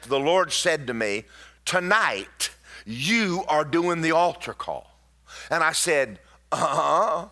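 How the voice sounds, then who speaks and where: A man preaching a sermon in a church, telling personal stories in an animated way, with sudden loud bursts and slowed, drawn-out emphasis. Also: fairly high pitch.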